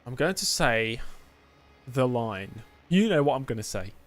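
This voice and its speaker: A man's voice: medium pitch, sing-song, a little slow. English male gaming streamer, casual and self-deprecating, medium voice. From England. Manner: chatty, joking, self-deprecating asides. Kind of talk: casual gameplay commentary.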